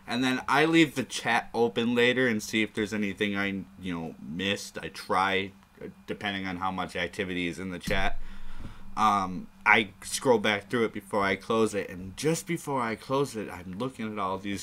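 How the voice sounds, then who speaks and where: A man's voice: fairly low pitch, moderate pace, pushed and bright. A man hosting a live stream, rambling casually in a crude, joking way. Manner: rambling and crude, prone to chuckling asides.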